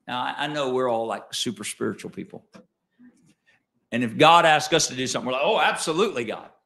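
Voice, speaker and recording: A man preaching a sermon as pastor, swinging between quiet asides and loud emphatic lines and asking the congregation questions. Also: medium pitch, a little fast, gravelly. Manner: conversational, asks the congregation questions.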